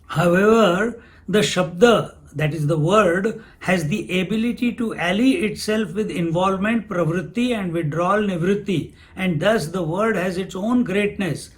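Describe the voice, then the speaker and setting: A man giving a spiritual discourse, unhurried, who asks questions and answers them himself. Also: sits high. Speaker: spiritual teacher.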